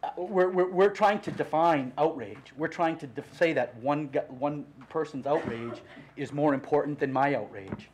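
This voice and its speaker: A middle-aged man giving unscripted public comment at a city council meeting, impassioned and halting with many restarts, speaking into a podium microphone. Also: on the high side, a little hiss or hum.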